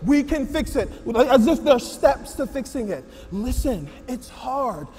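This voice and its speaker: A man's voice: very high voice, big pitch swings, measured pace, darkish tone, long reverb tail, heavily acted. A man acting a stern lecturer in a church skit, preachy and scolding, with a sarcastic edge.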